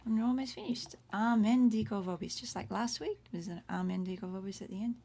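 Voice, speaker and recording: Speaking in a mid-range, fairly quick voice that is creaky yet warm, this middle-aged woman from Australia runs a relaxed, talkative Latin livestream from a room in her home. She works through vocabulary word by word, pausing for side comments along the way, with faint room noise in the recording.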